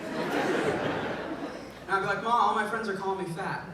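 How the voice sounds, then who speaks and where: A man's voice: high-pitched, fairly even intonation, moderate pace. A man from the Bay Area doing a stand-up comedy set, telling stories, acting out the quotes and often laughing. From Bay Area, California. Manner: storytelling with acted-out quotes and frequent laughs. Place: large venue with a live audience. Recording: echoey, distant, noisy live recording.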